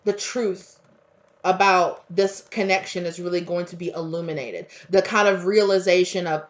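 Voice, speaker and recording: A woman's voice: lowish voice, steady tone, normal speed. A woman giving a casual spiritual tarot reading, rambling with lots of fillers and restarts. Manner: rambling, filler-heavy, conversational. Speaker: tarot reader. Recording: dull lo-fi audio.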